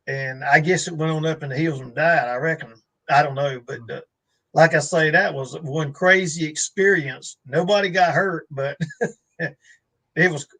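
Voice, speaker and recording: Bright-voiced man telling a story. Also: fairly high pitch, rough recording. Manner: rambling, drawling storyteller with many fillers. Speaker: guest. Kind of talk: casual storytelling on a live stream.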